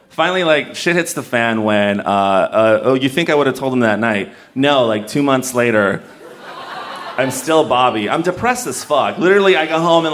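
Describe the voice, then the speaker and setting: A man's voice: medium pitch, expressive, normal speed, fairly bright tone, slight background noise. Self-mocking male storyteller, candid and laughing. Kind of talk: live personal storytelling.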